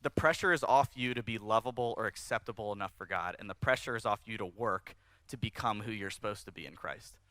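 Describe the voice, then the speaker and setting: A man preaching a sermon at a church service, conversational and animated, rising in emphasis as he speaks to the congregation. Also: fairly low pitch, brisk, no room sound. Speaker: pastor.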